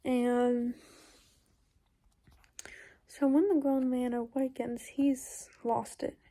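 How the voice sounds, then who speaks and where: A woman's voice: on the high side, level tone, very slow, dark tone. A woman recounting a dream in casual, rambling storytelling, full of fillers and sometimes dropping into whispers. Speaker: YouTuber.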